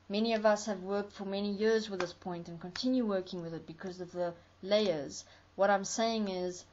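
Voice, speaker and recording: A woman's voice: medium pitch, slight background noise. A woman giving a spoken commentary in an earnest, explanatory way, often building her points as lists. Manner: earnest, explanatory, with listing rhythms. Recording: dull lo-fi recording.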